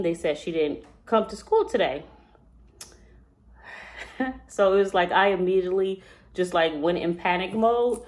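A woman telling a personal story as a mother, in a casual, emotional, rambling way with many fillers and restarts. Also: lowish voice.

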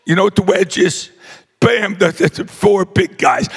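An older man, giving a rowdy acceptance speech full of brash shouted jokes. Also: sits high, unhurried, gravelly, husky, long reverb tail. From New Jersey. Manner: boisterous, shouting, brash joking. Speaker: hall of fame inductee.

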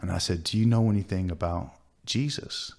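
A man, a tattoo artist, earnestly recounting a personal story in a sit-down interview, halting and restarting with many fillers. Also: deep voice, animated, vocal fry, darkish tone.

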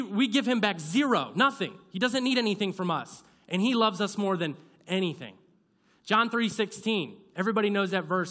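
A man's voice: sits high, fairly bright tone. A young man preaching a sermon in a church, in a conversational, self-deprecating way, acting out his own past doubts as little scenes. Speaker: pastor. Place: church sanctuary.

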